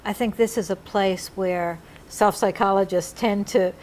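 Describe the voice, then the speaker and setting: A woman interviewing a fellow therapist, speaking earnestly and reaching slowly for her words. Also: medium pitch, steady tone, darkish tone, slight background noise. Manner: earnest, searching for words, stretched pauses. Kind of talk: reflective interview conversation.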